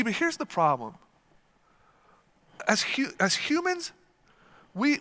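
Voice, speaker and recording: A man preaching a sermon as a pastor. He is animated and emphatic, tells stories vividly and repeats words to stress a point. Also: high voice. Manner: animated and emphatic, with lively storytelling.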